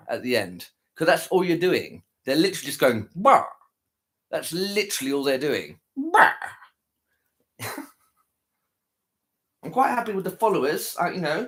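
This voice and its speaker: A tired man chatting casually to his viewers after a live stream, rambling, repeating himself and trailing off. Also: a little high. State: tired, worn out.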